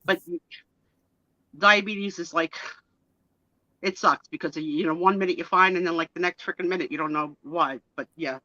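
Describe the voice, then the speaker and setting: A man's voice: sits high, fairly even intonation, normal speed, pauses often, sharp tone, no room sound. Shaky, stammering man on a dull call line. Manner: stammering, self-reassuring. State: shaky from low blood sugar. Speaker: guest on a live stream.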